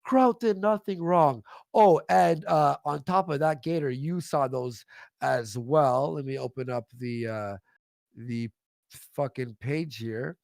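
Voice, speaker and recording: A man's voice: medium pitch, takes it slowly, creaky, dry recording, studio quality. A man on a livestream, angrily ranting and hurling profane insults. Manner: angry, profane, shouting insults. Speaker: livestream guest. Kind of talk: heated livestream rant.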